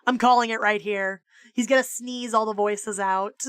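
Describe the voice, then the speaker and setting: A woman streamer reading a children's book aloud in an expressive storytelling voice, jumping into high character voices. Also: moderate pace, clear, resonant tone, no echo.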